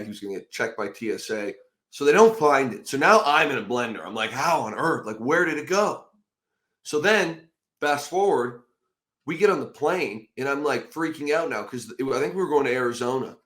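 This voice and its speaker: A man in his thirties hosting a podcast, telling stories in a casual, animated way and bursting into shouted quotes. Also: mid-range voice. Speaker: podcast host, former football player. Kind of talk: casual storytelling chat.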